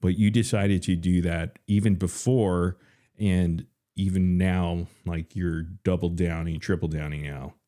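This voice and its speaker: A man chatting casually on a live stream and asking questions, relaxed and hesitant with many fillers. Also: deep voice, unhurried.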